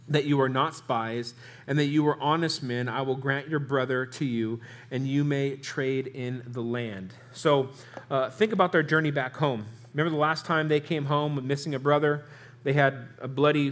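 A man's voice: mid-range voice, fairly even intonation, normal speed. A young man preaching a Bible sermon as a pastor, conversational, with restarts and rhetorical questions.

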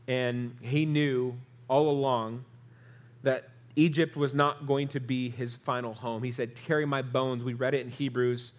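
A male pastor preaching an earnest sermon, his voice rising through lists and dropping soft on the key lines. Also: mid-range voice, little pitch movement, moderate pace.

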